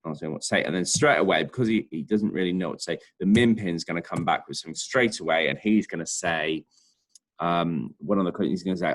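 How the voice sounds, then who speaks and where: A man's voice: low voice, moderate pace. A male primary school teacher, chatting and thinking aloud as he writes a lesson. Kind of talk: remote writing lesson.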